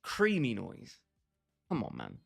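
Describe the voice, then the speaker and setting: A man's voice: mid-range voice, wildly swooping pitch, slow, vocal fry, husky, soft background music. A young man livestreaming a football game, bantering and joking with his chat and calling viewers by name. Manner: bantering, jokey, talks straight to chat by name. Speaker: gaming livestreamer.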